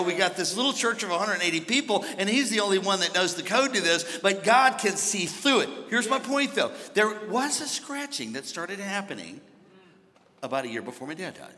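High-voiced pastor preaching in a big hall. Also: male voice, expressive, a little fast. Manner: storytelling, builds to shouting. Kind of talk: sermon. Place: large church hall. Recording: hall reverb from a big church.

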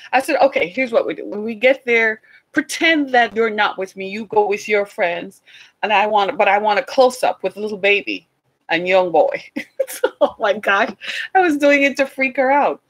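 A woman in her forties giving a sermon-style talk, telling a family story with animated acted-out dialogue. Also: normal speed. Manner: animated storytelling, acting out quoted dialogue in a higher voice. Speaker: speaker addressing a congregation.

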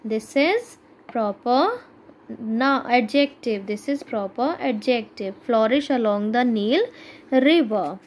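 A woman's voice: a little high, lively intonation, slow, low-quality recording. A woman teacher with an Indian English accent giving a grammar lesson to schoolchildren, explaining step by step and asking checking questions.

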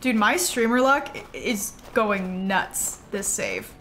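A woman's voice: mid-range voice, very animated, slow pace, a bit bright, slight background noise. A young woman streaming a farming game, chatting casually and bubbly with her viewers, with gasps and trailing asides. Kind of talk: casual gameplay chat with viewers. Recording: music playing in the background.

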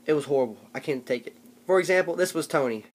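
A man's voice: fairly high pitch, animated, fast talker, slightly rough. A young man tells a comic story on his vlog in a loose, rambling way. He jokes as he goes and keeps slipping into little mock voices. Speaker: vlogger.

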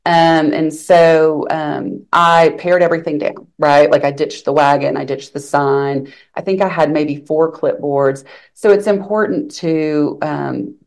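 A woman's voice: sits low, a little slow, creaky. A woman attorney from Arkansas, telling her story in an interview and quoting the people she met. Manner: animated, quotes others' lines while recounting events. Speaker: attorney guest.

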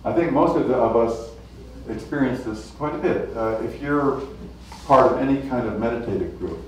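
A man giving a public lecture in a measured, explanatory way, illustrating points with small anecdotes. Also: medium pitch, slight background noise. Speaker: guest lecturer. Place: lecture hall. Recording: echoey hall, mic from a distance.

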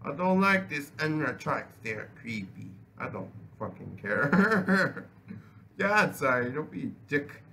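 A man's voice: fairly high pitch, big pitch swings, unhurried, gravelly, pushed and bright, slight background noise. A young man giving casual, profane gameplay commentary, rambling and restarting his sentences. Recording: game music playing behind voice.

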